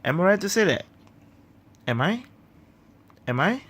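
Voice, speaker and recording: A woman's voice: lowish voice, sing-song, a little slow, slightly rough. A woman filming her baby on a handheld phone at home, cooing soothing, repetitive baby talk.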